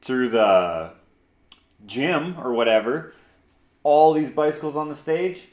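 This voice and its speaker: A man's voice: on the high side, animated, slow pace, darkish tone. A man co-hosting a casual talk show, joking and telling stories in an easygoing way. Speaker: co-host. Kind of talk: casual podcast chat. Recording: echoey room.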